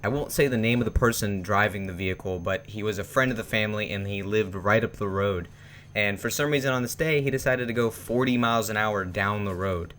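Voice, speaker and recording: Chatty young man with a bright voice. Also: on the low side, fairly quick, a little hiss or hum. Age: young adult. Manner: rambling, chatty, many fillers and restarts. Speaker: vlogger. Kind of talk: casual storytelling.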